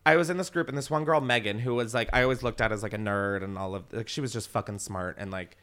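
A man's voice: on the low side, quick pace. A man hosting a podcast, telling stories in casual chat, swearing freely and laughing often. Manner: profane, laughing, animated storyteller. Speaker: podcast host.

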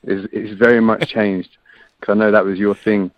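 Over a phone or call line, a rugby player from England chats as a guest in a relaxed, laid-back way, frequently dropping "man." He speaks at a normal speed in a lowish, flat voice. The lo-fi recording carries a little hiss or hum.

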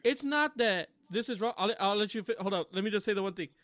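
A man telling stories on a podcast, animated and acting out the people he quotes. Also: high-pitched, fast talker, dry recording. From Colombian family. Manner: animated storyteller, mimics voices in quotes. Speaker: podcast co-host. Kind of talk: casual podcast chat.

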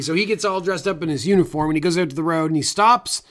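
A man's voice: a little high, rapid-fire, fairly bright tone. A man co-hosting a podcast, chatting casually about an old film and acting out its lines. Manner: chatty, laughs at his own retellings. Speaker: podcast co-host.

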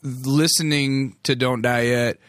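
Man, mid-pitch voice, dry close mic, chatty opinionated host, casual swearing. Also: fairly even intonation, slow pace, fairly bright tone, no echo. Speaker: interviewer, host. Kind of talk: casual interview chat.

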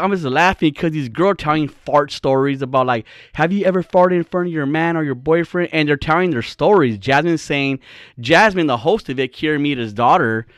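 A man's voice: a little high, fairly bright tone, dry recording, clean studio sound. Profane, rambling young man podcasting. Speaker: podcast host. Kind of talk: casual comedic storytelling.

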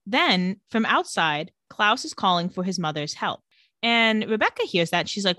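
A woman co-hosting a casual chat, retelling a TV episode with quick put-on character voices and frequent laughs. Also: mid-range voice, sing-song, sharp tone, no room sound. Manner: storytelling recap, quick mock voices for characters, laughs often. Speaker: podcast co-host recapping a TV episode.

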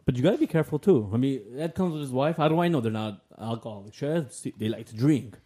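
A man with a mellow, warm voice chats easily as a guest. He talks in a relaxed, loose way, like someone at ease among friends. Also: medium pitch, fast talker. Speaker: guest business owner. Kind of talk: casual chat.

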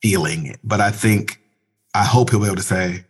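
A man's voice: lowish voice, a little fast, breathy edge. A man who is a pastor, speaking earnestly and reflectively in a conversational interview. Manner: earnest, reflective, breaks into animated imitations.

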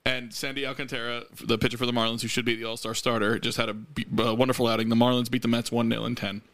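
A man co-hosting a podcast in casual chat, animated, laughing often and swearing freely. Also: medium pitch, quick pace, dry recording. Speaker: podcast co-host.

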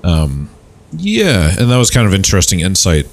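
A man's voice: low voice, huge pitch swings, normal speed, vocal fry. A young man co-hosting a casual chat, laid-back and rambling, hedging his points.

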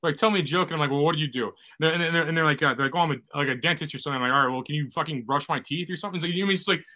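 A man from Missouri, a comedian hosting a podcast, talking in a deadpan, profane, rambling way over a video call. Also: a little high, racing. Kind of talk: casual video-call chat.

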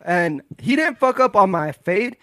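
Young podcast guy, high voice, dry close sound, blunt and cussing. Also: sing-song, a little slow, fairly bright tone, no echo. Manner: blunt and profane, plain delivery. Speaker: podcast co-host. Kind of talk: casual chat.

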